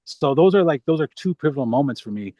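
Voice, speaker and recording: A man's voice: fairly high pitch, animated, fast talker, dark tone, dry recording, highs cut off. A man, an actor as interview guest, talking casually and rambling with many restarts.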